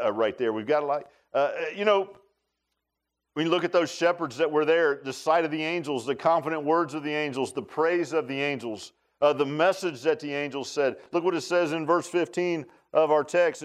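This sermon comes from a male pastor in church who is animated and folksy, talking directly to his congregation. He alternates between hushed, low asides and soaring high shouts.

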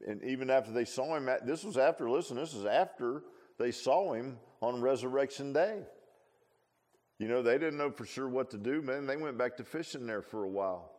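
A man's voice: mid-range voice, normal speed, darkish tone. A man preaching a sermon in a folksy, conversational way, full of rhetorical questions and asides.

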